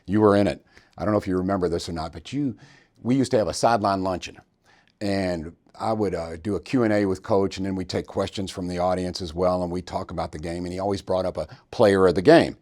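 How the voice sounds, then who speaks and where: A man hosting a podcast, telling stories in an animated, joking way. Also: sits low, fast. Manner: animated, jokey storyteller. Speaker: podcast host. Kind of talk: storytelling interview.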